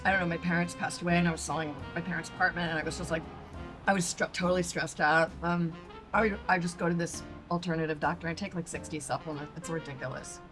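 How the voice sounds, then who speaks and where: A woman's voice: fairly low pitch, steady tone, fast talker, over music. An older woman from New York with a New York accent, chatting casually as a comedian guest, rambling and saying "like" a lot. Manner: rambling, chatty, says "like" often. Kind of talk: casual chat.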